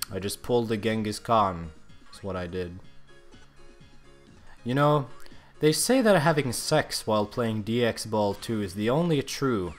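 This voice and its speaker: Slow, mock-solemn male gamer. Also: lowish voice. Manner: mock-solemn, grandiose deadpan musings. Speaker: gameplay commentator. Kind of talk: comedic gameplay commentary.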